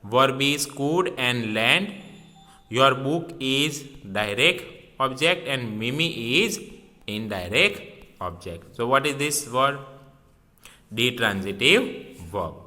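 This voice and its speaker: A man's voice: medium pitch, expressive, slow, sharp tone. A man teaching a grammar lesson, repeating key words and asking and answering his own questions. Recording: long reverb in a hall.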